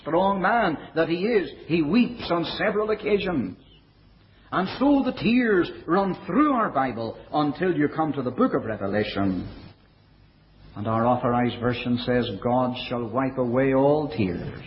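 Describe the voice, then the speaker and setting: Lively-voiced man preaching, lo-fi recording. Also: on the high side, a little hiss or hum. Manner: measured preaching, quoting scripture in older English. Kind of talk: sermon. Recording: dull, lo-fi recording.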